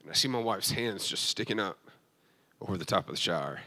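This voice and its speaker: A man's voice: deep voice, expressive, fairly quick, bright, forceful tone. A man giving a sermon as a pastor, telling an emotional personal testimony with frequent restarts and fillers.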